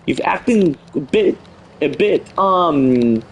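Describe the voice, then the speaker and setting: A man voicing a scheming wife who acts nervous and innocent, raising his voice higher for her. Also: animated, slow pace, a little hiss or hum. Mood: nervous innocence. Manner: nervous, falsely sweet.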